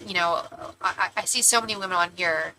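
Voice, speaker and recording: A woman's voice: lowish voice, quick pace, pushed and bright, slight background noise, poor audio. A young woman from California giving a tarot reading on a live stream, chatty and rambling with many restarts. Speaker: tarot reader.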